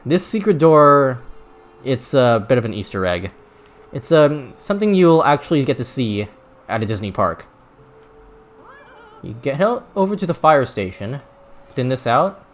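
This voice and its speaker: A man's voice: mid-range voice, big pitch swings, a little slow, pauses often, soft background music. A man streaming a video game, talking casually in a rambling way with many restarts and stumbles. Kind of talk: casual gameplay commentary.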